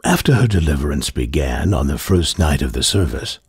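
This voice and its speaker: A man giving measured, announcing scripted narration. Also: extremely low pitch, expressive, over loud music.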